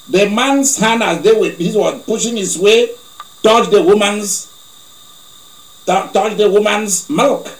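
A male preacher telling a story in a sermon, animated, with laughing asides. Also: high-pitched. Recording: echoey room.

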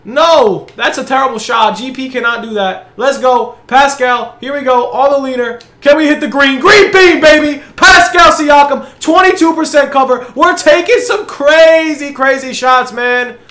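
A young man commentating his own basketball video game match, excitable, hyping his plays and groaning at misses. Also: very high-pitched, moderate pace, hardly any pauses, reverberant. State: out of breath. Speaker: gaming channel host. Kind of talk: live gameplay commentary.

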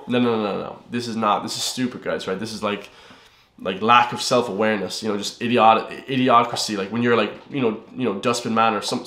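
A man's voice: medium pitch, fairly bright tone. A young man delivers a motivational monologue with a loose, rambling flow and plenty of swearing, calling his viewers "guys" again and again. His voice sits in a middle register. The recording has a roomy, echoey feel. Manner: rambling, blunt, swears, keeps saying "guys". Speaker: fitness vlogger. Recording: roomy echo.

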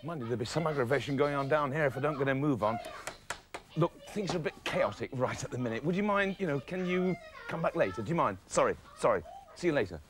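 Flustered, lively man hosting kids' TV. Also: medium pitch, fast talker. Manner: excitable and flustered. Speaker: children's show host. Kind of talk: lively children's TV presenting.

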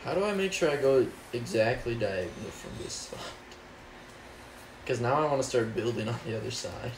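A man's voice: mid-range voice, expressive, normal speed, creaky. Young man in casual gaming banter. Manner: joking, rambling banter. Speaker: podcast co-host. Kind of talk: casual chat while gaming. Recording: roomy room with background noise.

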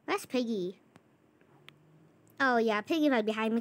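A woman with a high voice talks through a video game as she plays it, narrating each move. She is jumpy and easily rattled. She trails off and repeats herself. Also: normal speed. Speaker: gameplay channel host. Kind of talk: casual gameplay commentary.

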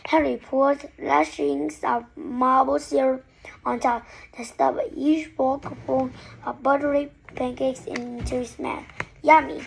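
A woman reads a children's story aloud in an expressive way. Her voice is high-pitched, with a husky, breathy tone and a gravelly rasp. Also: measured pace, rough recording.

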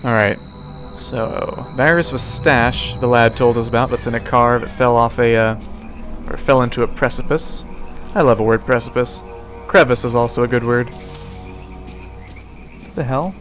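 A man's voice: medium pitch, steady tone, normal speed, fairly bright tone, faint music behind. A young man casually commenting while he plays a video game, rambling and joking, talking back to the characters on screen. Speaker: let's play host.

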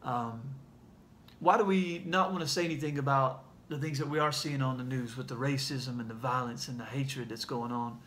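A man with a Southern accent sharing a heartfelt message in a casual video, speaking earnestly and haltingly, with many fillers. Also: medium pitch, steady tone, fairly bright tone, a little hiss or hum. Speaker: ministry leader sharing a message.

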